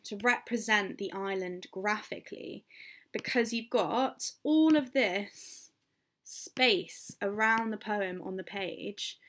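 A woman's voice: medium pitch, fairly bright tone. A woman English teacher with an English accent gives a recorded poetry lesson, explaining as she goes, thinking aloud with fillers and correcting herself.

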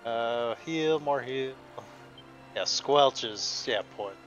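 A man gives relaxed let's-play commentary at an average pitch. He thinks out loud as he plays and reads the on-screen text along the way. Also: slow pace, muffled recording, music in the background. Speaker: gameplay host.

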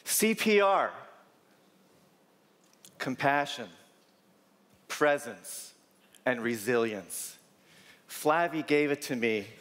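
A man's voice: fairly high pitch, a bit bright. A man, a doctor, telling a story in a keynote talk with punchy, dramatic repeated lines. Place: large conference hall. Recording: long reverb in a big hall.

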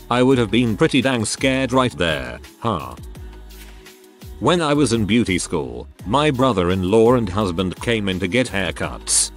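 A man with a low voice reads internet stories aloud, his pitch rising and falling freely as he goes. He slips wry comments in between the tales, while soft music plays faintly underneath. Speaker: narrator.

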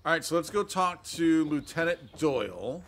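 A man's voice: on the high side, expressive, moderate pace, a bit bright. A man playing a video game and commenting casually, rambling and hesitating as he talks. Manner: rambling, hesitant, chatty asides. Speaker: gaming YouTuber. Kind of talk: let's play commentary.

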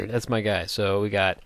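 A man's voice: on the low side, creaky, a little hiss or hum. A man chatting his way through a game session at a desk microphone, rambling from one thought to the next. He jokes freely and calls out to the characters on screen as he plays. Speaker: gaming video host. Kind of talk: casual let's-play commentary.

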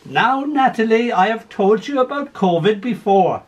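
A man's voice: high-pitched, lively intonation, moderate pace, lo-fi sound, voice pushed up. A man voicing a patient, firm young nurse explaining things again.

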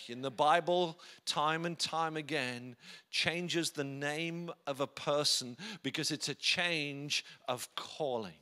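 A man delivers a church sermon with a bright, forceful voice pitched a little high. He preaches emphatically, often sinking to quiet, low phrases for effect. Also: slow pace. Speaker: pastor.

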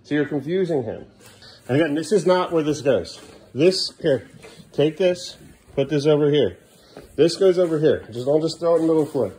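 A man's voice: a little high, lively intonation, a little fast, mellow, husky. A middle-aged man, a father filming a home vlog, exasperated and scolding as he keeps repeating commands to his kids. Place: family home, indoors and yard.

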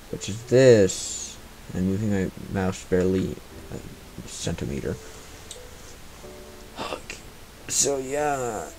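Male gamer, unhurried and muttering, frustrated asides, cheap mic with faint hiss. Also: low-pitched, creaky, warm tone, poor audio. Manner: mumbling, grumbling to himself with frustrated asides. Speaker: gaming commentator. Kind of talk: live gameplay commentary. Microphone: cheap replacement microphone.

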